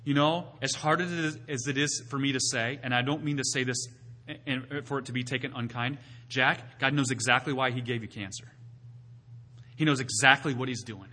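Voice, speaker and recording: A male pastor preaching a sermon, asking his listeners rhetorical questions and rising to loud, emphatic peaks before dropping back to quiet teaching. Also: mid-range voice, steady tone, fairly quick. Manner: asks the congregation rhetorical questions.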